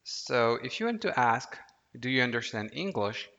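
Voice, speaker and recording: A man teaching an audio language lesson, patient and deliberate, prompting the listener to repeat words aloud. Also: medium pitch, big pitch swings, sharp tone. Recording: dull lo-fi audio with long reverb.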